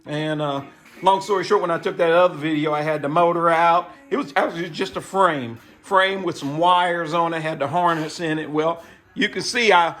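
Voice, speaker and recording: Man, high bright voice, chatty shop vlogger who rambles on. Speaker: bike builder vlogger. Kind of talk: casual chat to camera.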